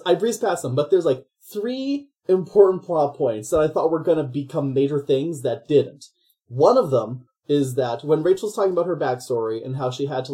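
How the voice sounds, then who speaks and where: A podcast host retelling a film plot in a loose, rambling way, stopping often to act out the characters. The voice is mellow and dark, and the pitch sits in the middle range. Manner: rambling, animated storytelling with voices. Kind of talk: casual comedic film recap.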